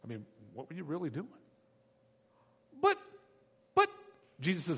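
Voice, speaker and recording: A man preaching a sermon in a bright, animated way. His voice sits a little high and swings widely as he acts out the voices in the story. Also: a little slow, slightly rough. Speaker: pastor.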